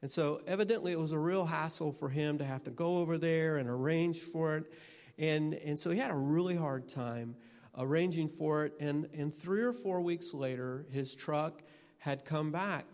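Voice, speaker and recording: Halting man telling a story, reverberant hall. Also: fairly high pitch, a little mellow. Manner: halting, repeats his starts. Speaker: minister and teacher. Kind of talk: personal story in a sermon.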